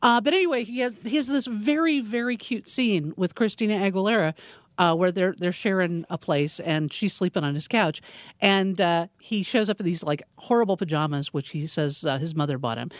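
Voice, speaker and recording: A woman co-hosting a radio show, chatting and retelling stories in an animated way. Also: medium pitch, fairly quick, no room sound. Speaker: radio co-host. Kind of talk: casual radio banter.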